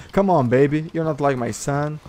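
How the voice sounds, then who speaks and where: A man's voice: fairly high pitch, background noise. A man with a Brazilian Portuguese accent, a gamer giving orders and mocking other players in voice chat, swearing as he goes. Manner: commanding, mocking, swears and laughs. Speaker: gamer streamer. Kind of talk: gameplay voice chat.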